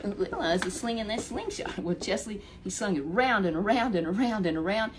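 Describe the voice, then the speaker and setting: A woman storyteller telling a Bible story in an animated, chatty way with lots of repetition. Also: medium pitch, moderate pace.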